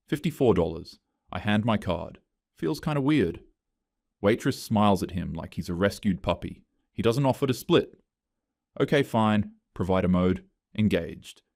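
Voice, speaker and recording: A man's voice: lowish voice, creaky, darkish tone, no room sound. A man narrating a scripted first-person story in short, dry, clipped phrases.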